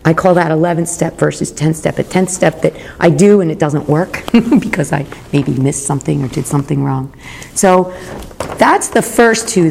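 A woman in her fifties with a gravelly, slightly low voice shares her story at a recovery meeting. She talks in a candid, confessional way, reflecting aloud on her own part in things. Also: darkish tone, a little hiss or hum. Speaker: speaker sharing at a recovery meeting. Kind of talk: personal recovery talk. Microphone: recorded talk.

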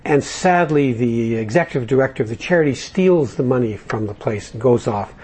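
A man's voice: medium pitch, lively intonation, a little fast, a little mellow, slight background noise. A man speaking to a recovery group, telling jokes and stories in a loose, conversational way with fillers. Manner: conversational storyteller, jokey, with fillers.

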